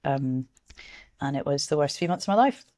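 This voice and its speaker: A woman's voice: deep voice, expressive, normal speed, warm tone, no room sound, studio quality. A woman in her thirties from Scotland, a journalist talking frankly in a casual interview, swearing now and then and often restarting her sentences. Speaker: journalist and author guest.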